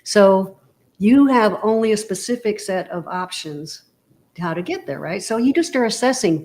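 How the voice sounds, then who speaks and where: A woman appears as a guest on an interview show, casually explaining her ideas in a motivational conversation full of everyday analogies and "you know" check-ins with the listener. Her medium-pitched voice is expressive and a little mellow, at a normal speed.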